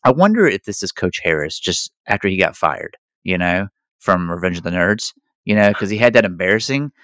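A man's voice: deep voice, sing-song, fairly quick, fairly bright tone, no echo. A man co-hosting a podcast, chatting casually about a movie in a rambling way, with lots of fillers and restarts. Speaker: podcast co-host.

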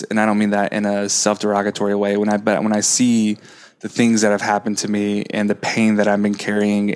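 A man speaking as a podcast guest, passionate and spiritual, stressing his points through repetition. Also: lowish voice. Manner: impassioned, spiritual, repetitive emphasis. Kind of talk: casual conversational interview.

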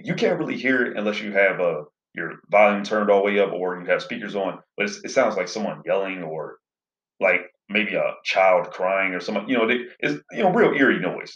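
A man's voice: deep voice, lively intonation, brisk, fairly bright tone. A man casually recapping a movie plot in a rambling way, full of fillers. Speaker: movie reviewer. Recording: roomy, slightly dull sound.

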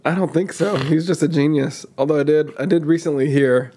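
A man's voice: a little high, steady tone, a little fast, dark tone, slightly rough. Laid-back man chatting on a podcast. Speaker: podcast co-host. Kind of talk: casual chat.

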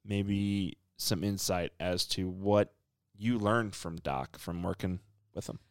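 Interviewer, man, smooth low voice, friendly short prompts. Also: takes it slowly, no room sound, clean studio sound. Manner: friendly, brief prompts, laughs easily. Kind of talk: casual interview.

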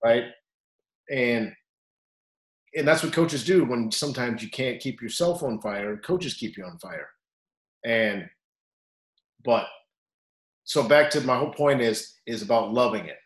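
A man who coaches wrestling tells stories with animated energy, often bursting louder when he acts out what people said. His voice sits at a middle pitch and rings in a roomy echo. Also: measured pace, long pauses. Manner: animated storyteller, acts out quotes loudly. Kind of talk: storytelling interview.

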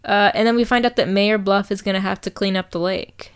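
A woman co-hosting a podcast, recapping a cartoon in animated, casual chat full of swearing and acted-out quotes. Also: medium pitch, fairly quick, clear, resonant tone. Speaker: podcast co-host.

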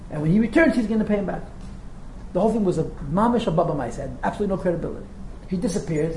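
A man teaching a class as a rabbi, telling a story with quick asides before turning to the text. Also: high voice, a little mellow. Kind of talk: storytelling lecture. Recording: roomy echo with faint noise.

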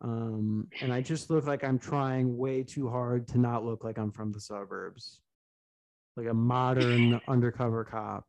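A man's voice: medium pitch, fairly even intonation, unhurried, darkish tone. A young man co-hosting a casual comedy podcast, rambling through crude jokes, swearing often and laughing at his own lines. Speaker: podcast co-host.

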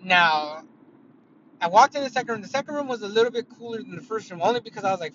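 A man's voice: sits high, fast. A man telling a story in a casual, rambling way, swearing a lot and using many fillers, recorded inside a car. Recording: dull lo-fi audio with loud car noise.

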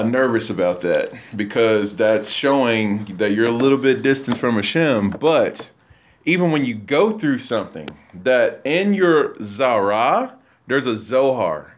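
A man's voice: medium pitch, muffled recording, a little hiss or hum. A man explaining word meanings in a casual faith discussion, talking with an easy, explaining tone. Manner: animated storytelling, acts out quotes.

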